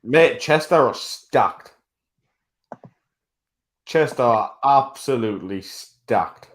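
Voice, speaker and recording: A man co-hosting a casual sports podcast, talking bluntly, swearing freely and laughing loudly. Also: mid-range voice, lively intonation, slow. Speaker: podcast co-host.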